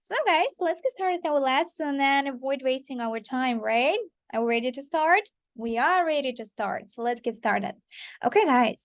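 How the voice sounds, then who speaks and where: A woman's voice: high voice, dry recording. Woman teacher with a dry close sound. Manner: repetitive, checks in often with "okay" and "right". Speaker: English teacher. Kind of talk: online pronunciation lesson.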